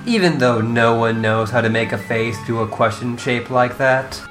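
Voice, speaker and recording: A woman voicing a calm, formal, dryly witty young female troll in a fan reading of chat logs. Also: very deep voice, music in the background. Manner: measured, formal wording with dry humor.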